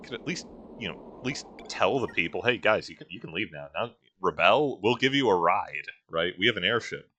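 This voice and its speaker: A man's voice: deep voice, lively intonation, fairly quick, pushed and bright. Sardonic man riffing over a game. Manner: sardonic, jokey and rambling. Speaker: let's-play host. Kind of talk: casual gameplay commentary.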